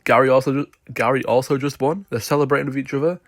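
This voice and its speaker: A man's voice: mid-range voice, fairly even intonation, fast, no room sound, clean studio sound. A man giving opinionated sports commentary, emphatic and insistent as he argues his case.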